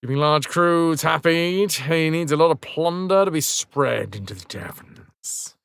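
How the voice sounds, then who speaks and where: A man streaming a game live, chatting to his viewers and cursing at the screen when it goes badly. His voice bounces around in pitch, full of life, and sounds close and dry on the mic. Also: expressive, unhurried, gravelly, fairly bright tone, smooth, no echo. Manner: chatty, talks to viewers, swears when frustrated. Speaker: livestream gamer. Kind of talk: casual live-stream commentary.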